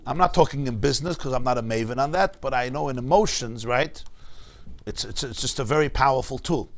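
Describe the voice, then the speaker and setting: A man teaching a Talmud class to a congregation, animated and emphatic, with rhetorical asides. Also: mid-range voice. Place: synagogue class.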